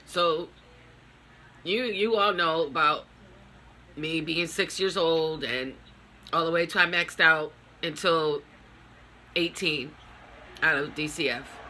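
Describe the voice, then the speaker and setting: Grieving middle-aged woman for a personal vlog. Slow, halting delivery, very bright edge to the voice. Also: low-pitched, slight background noise. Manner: halting, raw, speaks in broken phrases. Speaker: vlogger.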